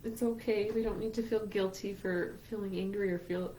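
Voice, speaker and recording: A podcast co-host speaks in a mellow, medium-pitched voice with fairly even intonation at a moderate pace, earnestly and emotionally sharing a heartfelt story about grief from a faith-based outlook. She is tearful at times, and the rough recording carries slight background noise.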